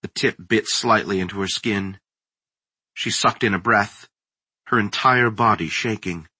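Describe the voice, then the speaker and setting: A man reading a horror story aloud in a slow, deliberate, suspenseful manner. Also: fairly low pitch, bright, forceful tone, slightly rough, no echo. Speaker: narrator. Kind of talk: scripted horror story narration.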